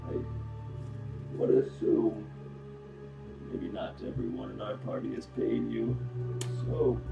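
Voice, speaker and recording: A man playing his character in a tabletop game, calm and placating. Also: lowish voice, slow, gravelly, roomy sound, phone-quality sound, over music. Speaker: player. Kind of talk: in-character tabletop role-play.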